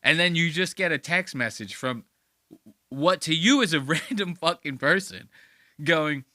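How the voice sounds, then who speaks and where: A man hosting a podcast in casual commentary, excitable, slangy and profane. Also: fairly high pitch, unhurried, no room sound, studio quality. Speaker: podcast host.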